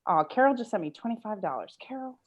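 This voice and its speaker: A woman's voice: mid-range voice, big pitch swings, fast talker, highs cut off. A woman doing a stand-up set over a video call, delivering wry, self-mocking punchlines. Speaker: stand-up comedian.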